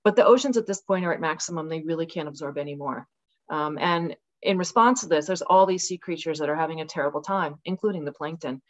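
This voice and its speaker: An older woman speaks in a somewhat low voice, telling stories with passion and putting on voices when she quotes people. The sound is a little dull and lo-fi, like a video call. It is a relaxed, conversational interview. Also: quick pace. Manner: passionate, animated storytelling with dramatic acted-out quotes. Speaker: podcast guest. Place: rural home with dogs.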